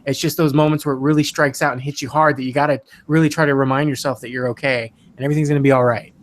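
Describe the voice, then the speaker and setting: A man's voice: mid-range voice, fairly even intonation, very fast. Earnest, reflective podcast guest, male. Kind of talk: casual podcast conversation.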